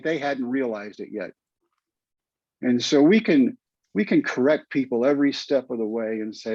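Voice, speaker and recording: A man's voice: medium pitch, a little mellow, breathy edge, dry recording. A man, telling an earnest, emotional story as a podcast guest. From United States. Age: 50s. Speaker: guest, former pitcher and teacher. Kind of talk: storytelling interview. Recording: dull dry podcast audio.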